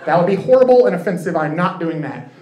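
A man performing a stand-up comedy set on a club stage, telling stories in a quick, conversational way. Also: high-pitched, expressive, dull audio. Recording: echoey club with crowd and noise.

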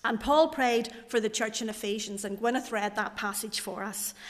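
A woman's voice: a little high, moderate pace. Woman preaching in a church. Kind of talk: sermon. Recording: church hall reverb.

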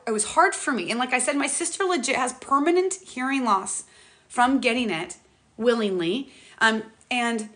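Fast-talking, bright-voiced woman livestreaming. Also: fairly high pitch. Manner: fast, rambling, restarts often; emotional and animated. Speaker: livestream host. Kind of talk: casual livestream chat. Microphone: tablet mic, close.

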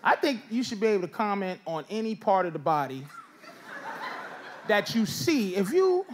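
A middle-aged man doing a stand-up set, loud and teasing as he banters with the audience. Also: high-pitched, sing-song, normal speed. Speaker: stand-up comedian. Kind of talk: stand-up set with crowd work. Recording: live club recording with crowd noise. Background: audience laughter.

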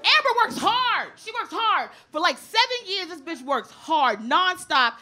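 A woman's voice: extremely high pitch, very animated, unhurried, pushed and bright, some chatter behind. A woman comedian doing a brash, profane stand-up routine on a club stage, telling the story. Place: comedy club stage before a live audience. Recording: live club recording with audience laughter and noise.

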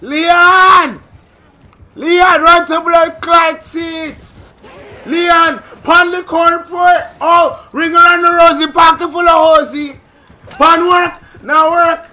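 A man putting on a mock Jamaican patois voice, yelling frantically in panic during a game. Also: very high-pitched, level tone, takes it slowly, pitched above the performer's own voice, exaggerated voice. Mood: panicked yelling. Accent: put-on Jamaican. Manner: frantic shouting, swearing.

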